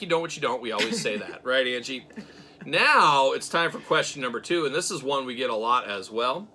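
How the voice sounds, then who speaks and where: A middle-aged man hosting a casual chat, animated and self-mocking, getting fired up as he talks. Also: mid-range voice, slight background noise. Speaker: host.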